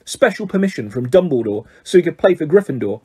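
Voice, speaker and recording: Male reader as a spoiled, sulky boy, quick and whiny, slightly raised. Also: a little high, sing-song, mellow, breathy edge. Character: sulky, spoiled rich schoolboy.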